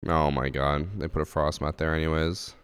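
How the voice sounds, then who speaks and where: A man's voice: rumbling low, fairly even intonation, normal speed, a bit bright, clear, resonant tone, no room sound, clean studio sound. A man chatting casually on a headset mic while streaming a game from home, rambling and swearing now and then. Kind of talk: casual gaming stream chat. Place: home gaming setup. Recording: game gunfire noise behind voice.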